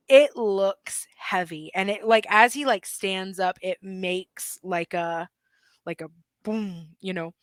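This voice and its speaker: A woman narrating a tabletop game as game master, describing scenes slowly with many fillers. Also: medium pitch, no echo. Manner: slow, descriptive, filler-laden.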